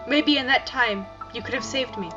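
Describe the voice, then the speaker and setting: Brief: woman voicing a soft-spoken, resigned male wizard, high and lively in pitch, over faint game music. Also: moderate pace, highs cut off, natural voice. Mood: gentle, sad. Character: gentle, sorrowful male wizard gatekeeper.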